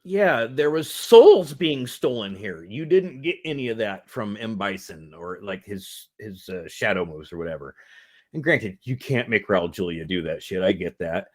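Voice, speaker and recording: A man in his forties co-hosting a casual movie review podcast, animated, laughing often and swearing freely. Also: fairly low pitch, normal speed. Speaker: podcast co-host.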